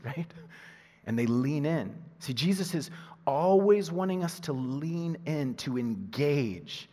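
A male pastor delivers a lively sermon with a slightly husky, breathy voice, jumping from loud emphatic lines to quiet, low asides. His voice rings out with the long reverb of a large hall. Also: takes it slowly. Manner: animated, swings from loud emphasis to hushed asides, laughs at himself.

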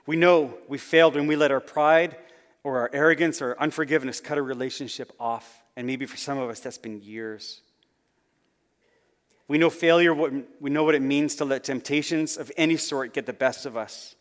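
Earnest male preacher with a mid-range voice delivering a sermon; long reverb from a large hall. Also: moderate pace. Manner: earnest, rising then dropping to soft low phrase endings. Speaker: pastor.

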